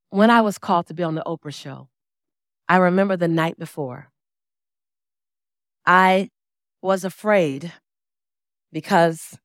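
A woman's voice: fairly low pitch, no room sound, studio quality. A woman in her forties giving a motivational speech on stage, telling her story dramatically, acting out quoted dialogue and repeating key phrases for emphasis. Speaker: motivational speaker. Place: stage before a live audience.

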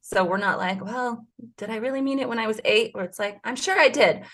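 A woman's voice: fairly high pitch, fairly quick, fairly bright tone. A woman in her forties telling a personal story as a podcast guest, earnest and emotional, with frequent restarts. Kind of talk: casual conversation.

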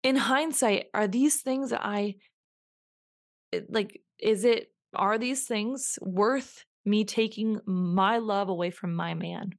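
A woman's voice: mid-range voice, takes it slowly. Young woman hosting her own show; earnest, reflective solo talk, circling back and restarting lines for emphasis. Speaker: podcast host.

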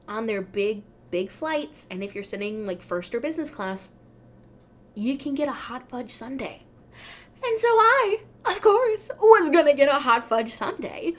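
A woman hosting a podcast, telling a travel story in a casual, animated way, her voice jumping up when she gets excited. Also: fairly high pitch. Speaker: podcast host.

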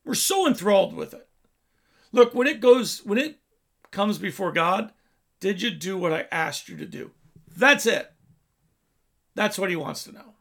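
Man, preacher, high voice, gravelly, sermon storytelling. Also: animated, measured pace, pauses often, a bit bright. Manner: storytelling preaching, swells and drops in volume.

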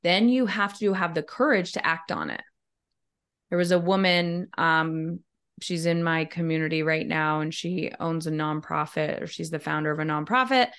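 A woman's voice: deep voice, normal speed, fairly bright tone, clean tone. A woman leadership coach, a guest on an interview podcast, talking candidly and bluntly and acting out her clients' replies as she tells stories. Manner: candid, blunt, swears freely. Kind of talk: casual interview conversation.

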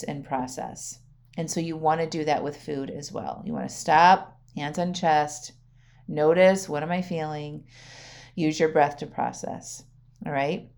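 A woman's voice: low-pitched, a little mellow. A middle-aged woman hosting a solo podcast as a wellness coach, chatty, often checking in with "right?" and laughing. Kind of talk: casual solo podcast talk.

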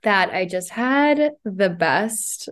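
A woman's voice: medium pitch, lively intonation, extremely slow. Candid, swearing woman podcast host. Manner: candid, swears freely, laughs often. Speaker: podcast host and self-love coach. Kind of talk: casual confessional podcast monologue. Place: podcast room in a co-working space.

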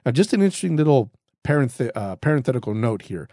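Man, podcast Bible teacher, earnest and conversational, mellow tone, close dry sound. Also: mid-range voice, big pitch swings, quick pace, dry recording. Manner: earnest, conversational, with frequent restarts and repetition. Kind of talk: casual spoken Bible teaching.

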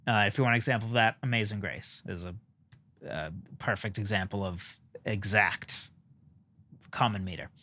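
A man's voice: lowish voice, normal speed, pushed and bright. A man hosting a solo podcast, talking casually in a rambling way with frequent fillers and self-deprecating asides. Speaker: podcast host.

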